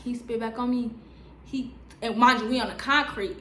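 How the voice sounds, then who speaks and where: Slangy, animated young woman in a roomy room. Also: on the high side, normal speed, slight background noise. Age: 20s. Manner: animated, slangy storytelling with many "like" fillers. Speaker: vlogger. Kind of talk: storytime vlog. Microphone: on-camera mic.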